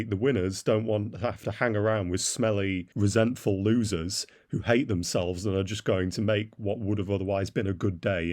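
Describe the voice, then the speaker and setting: Blunt, derisive man, lowish voice. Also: darkish tone. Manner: blunt, derisive, frequent "uh" fillers. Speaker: political commentator. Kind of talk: opinion monologue voice-over.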